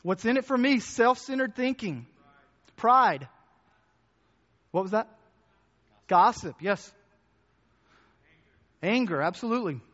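Pastor guy preaching, kinda high voice, chatty and asking the crowd stuff, muffled echoey church sound. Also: lively intonation, slow pace, pauses often, fairly bright tone. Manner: conversational, restarts and repeats words, asks the congregation questions. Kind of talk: sermon. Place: church hall with congregation.

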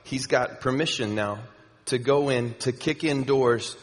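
A man's voice: mid-range voice, a little slow. Guy preaching, chatty, lots of ums and restarts, big echoey church hall. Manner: conversational, with many fillers and repeats. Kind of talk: sermon. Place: church sanctuary. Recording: long hall reverb.

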